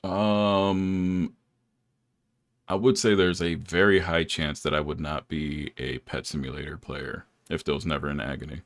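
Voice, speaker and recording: Very deep-voiced young man chatting. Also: little pitch movement, measured pace, no echo. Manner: laid-back storytelling, laughs often. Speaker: podcast host. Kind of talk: casual chat.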